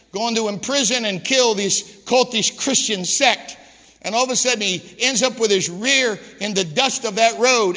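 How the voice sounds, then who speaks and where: A man preaching a sermon as pastor, emphatic and quizzing the room, sometimes dropping to a hushed storytelling tone, in a hall with long reverb. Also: very high voice.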